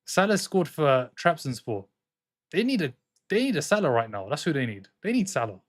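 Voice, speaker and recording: Man, slightly higher voice, excitable, live football watchalong host, reacting and arguing with chat. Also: normal speed. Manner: excitable, jumps between commentary and arguing with chat. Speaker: streamer hosting a football watchalong.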